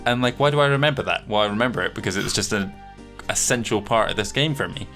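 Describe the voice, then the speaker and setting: A man's voice: lowish voice, fast, sharp tone. A man giving casual let's-play commentary, chatty and nostalgic, thinking aloud as he plays. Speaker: game commentator. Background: faint game music.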